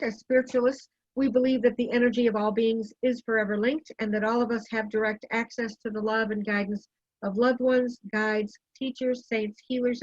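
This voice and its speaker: A woman facilitating an online church service, calling on speakers in a gentle, orderly way. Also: on the high side, no echo, lo-fi sound. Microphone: video call.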